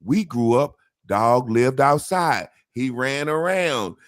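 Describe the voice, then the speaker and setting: A man hosting a casual talk show, telling rambling profane stories with animated impressions. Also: medium pitch, takes it slowly, no room sound, clean studio sound. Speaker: podcast host. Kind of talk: casual chat.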